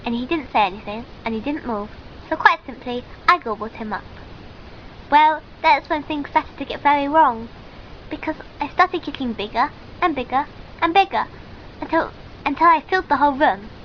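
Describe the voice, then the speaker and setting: A woman's voice: high-pitched, normal speed, highs cut off, slight background noise. A woman telling a comic sketch in character, rambling and giggly, with many ums and restarts.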